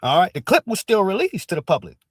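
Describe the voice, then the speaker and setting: A man's voice: high-pitched, quick pace, husky, no room sound, clean studio sound. A man giving casual, profane livestream commentary, dropping "all right" between nearly every thought. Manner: animated, profane, repeats "all right" as a filler.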